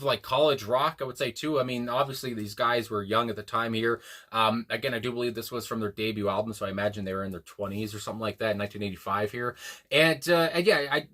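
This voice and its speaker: A man with a bright, forward-sounding voice talks casually about a song he just heard. He rambles, restarts his sentences and fills gaps with ums and uhs, dropping a casual swear here and there. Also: medium pitch, fast talker. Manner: rambling, many fillers and restarts, laughs to himself. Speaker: music reaction host. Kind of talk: casual music reaction talk.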